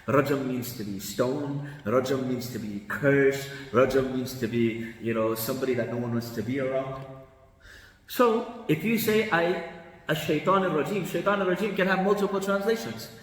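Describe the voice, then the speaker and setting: A man, a mufti, giving a lively religious lesson, shifting his tone with the meaning and chanting Arabic passages quickly. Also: mid-range voice. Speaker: mufti teaching Quran commentary. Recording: echoey hall from a distant mic.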